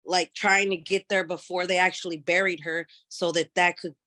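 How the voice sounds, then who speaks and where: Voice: medium pitch, flat delivery, normal speed, sharp tone, dry recording, studio quality. A client telling a medium a family story hesitantly, with many fillers. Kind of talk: casual conversation.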